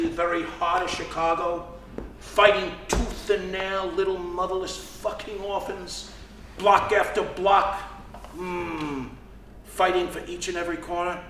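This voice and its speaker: On a theater stage, an actor with a high-pitched, slightly bright voice plays a worldly, fatherly middle-aged Chicago gangster in a live play, lecturing and telling stories wryly. A distant room mic picks him up on a roomy stage with faint hiss.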